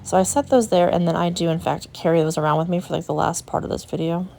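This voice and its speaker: With a slightly low, gravelly and warm voice, a young American vlogger talks fast with fairly even intonation. She owns a resale booth and chats in a friendly, gushing way as she walks a shop showing things to viewers. A little hiss or hum is audible.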